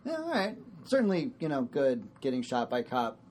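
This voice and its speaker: A young man co-hosting a podcast, chatting casually and joking, with quick bits of put-on voices for punchlines. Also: medium pitch, huge pitch swings, darkish tone, slight background noise. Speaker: podcast co-host. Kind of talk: casual chat.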